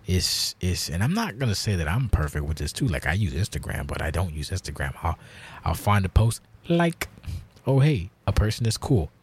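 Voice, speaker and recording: A man's voice: deep voice, sing-song, fairly quick, slight background noise. A man hosting a casual solo podcast monologue, rambling and blunt with heavy swearing, grouchy in tone. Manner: self-described grouchy, blunt. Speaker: podcast host.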